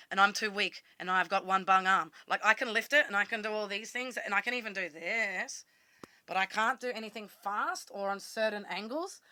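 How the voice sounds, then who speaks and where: Australian woman vlogger; very bright, sharp tone, dry close mic, blunt storyteller who swears casually. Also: medium pitch, brisk, no room sound. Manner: blunt, swears freely, quotes herself.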